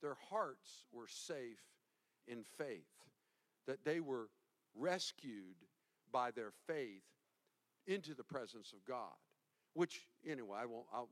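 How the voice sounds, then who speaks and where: A male pastor preaching a sermon, animated and emphatic, swinging from hushed to loud. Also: mid-range voice.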